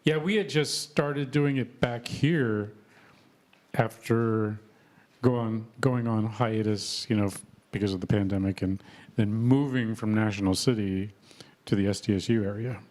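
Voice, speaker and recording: A man's voice: lowish voice, a little slow, a little mellow. A man in his fifties, originally from Texas, hosting a casual live-stream interview. He talks in a chatty, punchy way and laughs often. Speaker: host.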